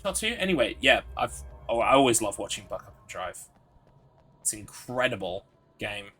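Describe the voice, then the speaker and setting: A man's voice: fairly low pitch, big pitch swings, moderate pace, bright, forceful tone, slightly rough, soft background music. A man streaming a game live, chatting in an upbeat way, reading chat aloud and laughing often.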